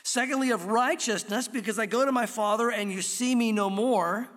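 A man preaching a sermon as pastor, slowing down to stress key words from scripture. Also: extremely high pitch, a bit bright. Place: church sanctuary. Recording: long hall reverb.

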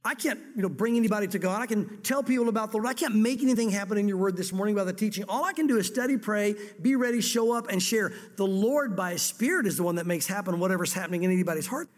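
High-voiced male pastor, echoing hall. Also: fast talker, hardly any pauses. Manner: lively storytelling, dramatizing scripture dialogue. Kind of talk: sermon.

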